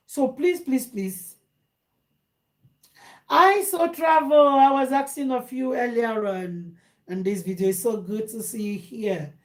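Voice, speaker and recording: A woman's voice: medium pitch, darkish tone. A woman with a Nigerian accent, hosting a casual advice talk for viewers, slipping into Pidgin and repeating phrases for emphasis. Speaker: host.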